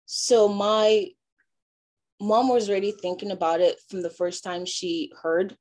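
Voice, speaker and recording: A young woman from Nigeria, giving a halting personal testimony full of fillers and restarts. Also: mid-range voice, little pitch movement, a little mellow. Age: young adult. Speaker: interviewee.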